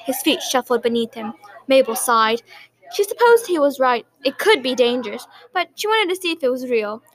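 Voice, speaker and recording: A woman's voice: sits high, very animated, normal speed, low-quality recording. A woman narrating a story aloud in an earnest way, with small slips and restarts. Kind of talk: storybook reading.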